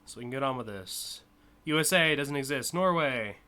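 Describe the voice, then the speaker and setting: Bright-voiced chatty American streamer. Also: male voice, medium pitch, lively intonation. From United States. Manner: rambling and chatty, with frequent uh and like, quick laughs. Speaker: streamer hosting a community car contest. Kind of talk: live-stream commentary.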